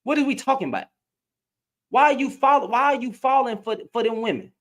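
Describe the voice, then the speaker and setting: Heated, high-voiced man ranting on a livestream. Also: animated, a little fast, a bit bright. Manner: heated, emphatic, repeats and restarts. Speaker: livestream host.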